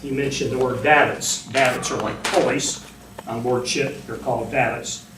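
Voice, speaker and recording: An older man and former Marine telling his survival story to an audience in a plain way, his voice rising when he recalls shouting. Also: medium pitch, fairly even intonation, normal speed. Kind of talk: personal war testimony to an audience. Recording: roomy, distant mic, faint noise.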